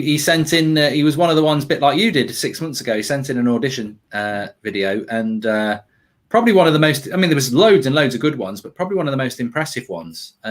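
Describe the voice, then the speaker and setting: A man hosting a casual football watchalong, talking in a rambling, chatty way and reading out viewer comments. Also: medium pitch. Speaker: watchalong host.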